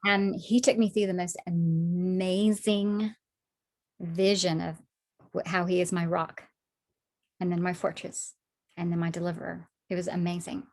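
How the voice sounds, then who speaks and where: A woman sharing her personal faith testimony in conversation, animated when acting out past moments, soft and low when reflecting. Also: unhurried. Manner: animated storytelling, acts out her own past words.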